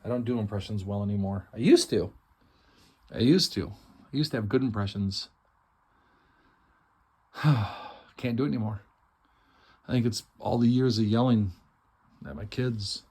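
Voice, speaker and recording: A man's voice: on the low side, normal speed, long pauses, a little mellow, husky. A middle-aged man hosting a casual, enthusiastic walkthrough of a house before an estate sale, chatty and self-deprecating. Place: inside a house, walking through rooms.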